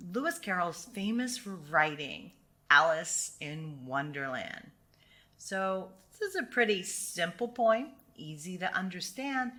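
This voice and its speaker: A woman from the United States teaching English through a poem, speaking slowly and clearly and encouraging learners to repeat after her. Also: medium pitch. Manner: slow, clear and encouraging, modelling pronunciation.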